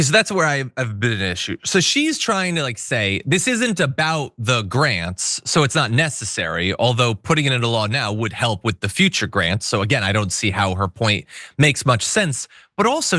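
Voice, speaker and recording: Male commentary host, wry and opinionated, lively pitch, dry studio sound. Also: moderate pace, no room sound. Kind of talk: casual news commentary.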